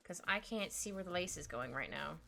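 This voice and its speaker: A woman's voice: lowish voice, expressive, fairly quick, creaky, sharp tone. A young woman, chatting casually and giggling as she draws live. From Canada. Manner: giggly, rambling, playful asides. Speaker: streamer drawing live. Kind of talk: casual chat while drawing. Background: faint music playlist.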